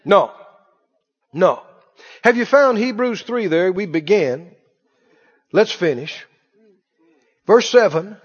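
A man's voice: high voice, animated, slow, pauses often, husky. A male pastor preaching a sermon emphatically, with call-and-response questions to the congregation. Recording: dull echoey church recording.

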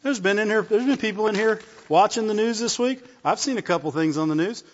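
A man's voice: high voice, fairly quick. A man preaching a conversational sermon, often asking the congregation for a response. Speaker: pastor. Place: church service. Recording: muffled sound with long hall reverb.

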